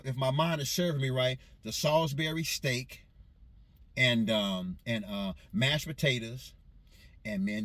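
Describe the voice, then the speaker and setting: A man's voice: mid-range voice, a bit bright, no echo. A man from Los Angeles casually recounting childhood memories, meandering and correcting himself as he goes. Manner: meandering, self-correcting recollection in a loose vernacular. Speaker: storyteller recounting his childhood. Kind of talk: casual spoken memoir.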